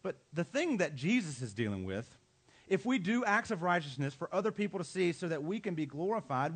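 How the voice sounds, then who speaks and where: A man, a pastor, preaching a sermon with emphatic delivery and dramatic pauses. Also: high voice.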